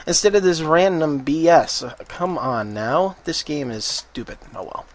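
Male gameplay commentator, higher-pitched, dry close sound; casual, excitable, profane, with frequent panicked outbursts. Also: no echo. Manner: excitable, bursts into rapid panicked no-no-no's; swears freely and laughs often. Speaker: game commentator.

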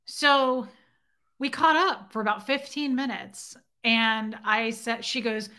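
Bright-voiced woman telling a story. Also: a little high, slow. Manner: animated retelling with quoted dialogue and side remarks to chat. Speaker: host. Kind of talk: casual storytelling to viewers.

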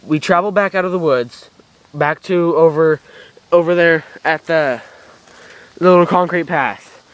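A young man in an amateur outdoor video drama, excitable and swearing as he plans aloud in the woods. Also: fairly high pitch, a little slow. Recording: outdoor camera mic with faint noise.

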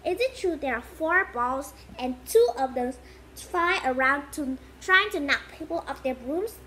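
A woman reading the part of an eager, chatty young boy who fires off excited questions. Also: high voice, a little slow, slight background noise, exaggerated voice.

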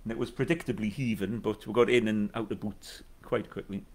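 A man's voice: lowish voice, steady tone, brisk. A middle-aged man, chatting casually and wryly between songs as a musician hosting his own live stream. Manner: rambling, wry and self-mocking. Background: acoustic guitar.

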